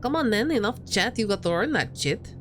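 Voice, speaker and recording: Woman putting on imposing female ship captain, put-on Russian accent, gruff, blunt, short-tempered, video game voice. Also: medium pitch, lively intonation, brisk, fairly bright tone, slight background noise, lightly acted. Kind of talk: reading game dialogue aloud.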